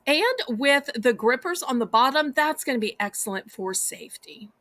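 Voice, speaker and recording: A woman's voice: sits high, animated, normal speed, sharp tone, no room sound. A woman with a Southern US accent hosting a live home-shopping auction, chatty and sweet, calling the viewers y'all.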